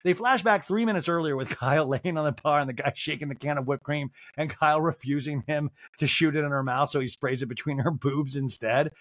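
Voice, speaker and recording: A man's voice: on the high side, a little fast, hardly any pauses, fairly bright tone, no echo, studio quality. A man hosting a podcast and giving a campy, mocking comedy recap, often breaking into laughter. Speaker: podcast host.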